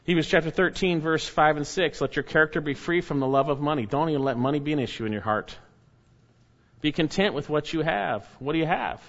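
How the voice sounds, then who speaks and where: A man preaching a sermon, reading scripture aloud, and urging his listeners earnestly, at times lifting his voice in emphasis and at times dropping it soft and low. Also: fairly quick. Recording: slightly dull, lo-fi recording.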